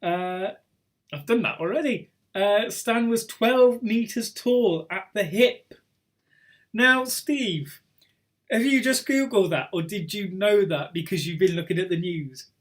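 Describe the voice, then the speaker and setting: A man's voice: high voice, measured pace. A man hosting a casual online pub quiz over a video call, chatty and teasing as he reads out scores. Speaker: quiz host.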